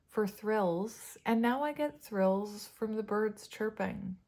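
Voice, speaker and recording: A woman in her forties, chatting in a rambling, casual way with frequent soft laughs as she gives a tarot reading. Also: medium pitch, slow, few pauses. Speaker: tarot reader.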